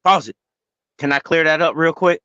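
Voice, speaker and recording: A speaker on a casual panel, calmly stepping in to clarify. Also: mid-range voice, normal speed, clear, resonant tone, dry recording, muffled recording. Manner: clarifying, calm and corrective.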